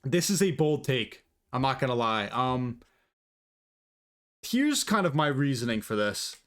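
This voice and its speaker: A man's voice: mid-range voice, very animated, a little slow, fairly bright tone. A man talking casually and profanely through his predictions, rambling and opinionated, on a desk mic. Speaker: MMA commentator vlogger.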